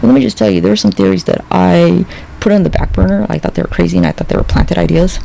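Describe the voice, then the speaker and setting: A man's voice: sits high, steady tone, quick pace, vocal fry, dark tone, a little hiss or hum, low-quality recording. A man hosting a podcast, talking in a casual, rambling monologue full of profanity and sardonic asides. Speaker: podcast host.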